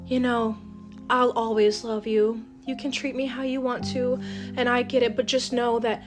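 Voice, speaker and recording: A woman's voice: fairly high pitch, little pitch movement, normal speed, natural voice. A woman putting on the voice of a self-pitying parent who plays the victim, in a mocking sing-song. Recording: music playing behind.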